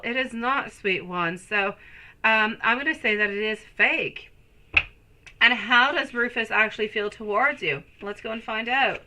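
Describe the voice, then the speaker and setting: A woman's voice: medium pitch, moderate pace, pushed and bright, slight background noise, low-quality recording. A woman giving a live-streamed tarot reading, talking in an affectionate, soothing way and calling her viewers pet names. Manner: soothing, reassuring. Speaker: tarot reader.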